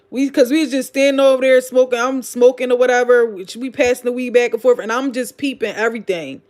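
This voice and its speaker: A woman with a Philadelphia accent hosting a casual livestream, reading comments and telling gossipy stories in a loose, profane, blunt way. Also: a little high. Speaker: livestream host.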